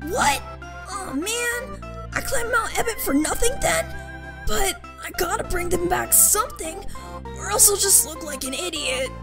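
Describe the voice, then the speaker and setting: A very high, bouncy voice belongs to an excitable, lovesick young monster kid, voiced by a woman. The kid blusters and protests at every turn, over a bed of music. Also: measured pace, exaggerated voice.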